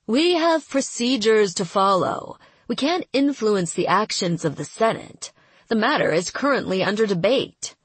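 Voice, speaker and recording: An aloof female agent reciting procedure, voiced by a woman reading. The delivery is measured and breathy, recorded dry. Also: mid-range voice, no echo. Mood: indifferent. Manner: flat, procedural. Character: cold, bureaucratic female agent.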